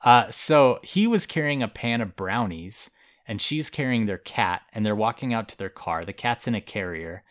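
A man's voice: fairly low pitch, expressive, normal speed. Laid-back man telling a story. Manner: storytelling, laughs often, casual filler words. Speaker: podcast co-host. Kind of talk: casual chat.

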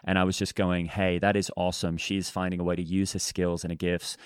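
Brief: low-voiced man, soft deadpan interviewer, dry studio mic. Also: a little fast, clean tone, no room sound. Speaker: co-host. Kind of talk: improvised comedy interview.

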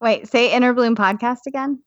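A woman co-hosting a podcast, chatting casually in an excitable, playful way. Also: on the high side, moderate pace, dry recording, muffled recording. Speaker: podcast co-host. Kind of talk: casual chat.

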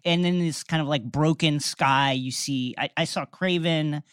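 A woman with a low-pitched voice walks through a film's plot in an easygoing conversation. She tells it with lively energy and frequent restarts. The recording is dry and close. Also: unhurried, clear, resonant tone, dry recording. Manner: animated storytelling, many restarts. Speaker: podcast co-host recapping a film. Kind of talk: casual chat.

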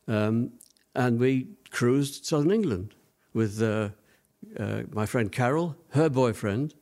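An older man, an interview guest, reminisces about his past in an ordinary medium-pitched voice with a darkish tone. He rambles through his story, pausing on fillers and restarting sentences as memories surface.

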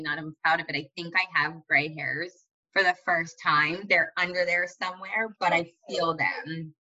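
A young woman talking as a podcast guest in casual chat, candid and dramatic, quick to poke fun at herself. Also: on the low side, sharp tone, muffled recording. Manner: candid, dramatic and self-mocking.

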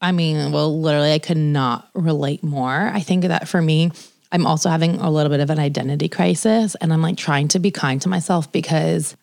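A woman's voice: deep voice, fairly even intonation, brisk, gravelly, a little mellow, no echo, clean studio sound. A woman, a new mother, co-hosting a podcast in frank, emotional casual chat. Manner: emotional, reflective, frank, with frequent fillers. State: new mother two months postpartum. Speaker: podcast co-host.

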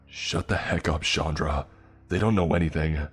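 A harsh, desperate father, voiced by a man with a very deep voice. He speaks bluntly and loudly, as in a narrated horror story. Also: fairly quick, slightly rough.

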